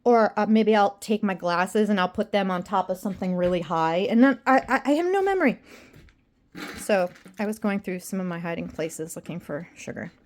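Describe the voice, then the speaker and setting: A woman's voice: medium pitch, expressive, moderate pace, darkish tone. A woman talking casually to her viewers at home in a video diary, rambling and self-deprecating, and tired. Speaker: vlogger.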